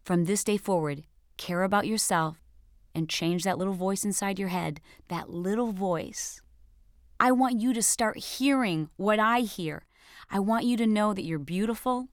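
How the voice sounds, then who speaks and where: A woman's voice: mid-range voice, dry recording, studio quality. A woman fitness instructor giving a scripted motivational coaching talk, emphatic and direct as she speaks straight to the viewer.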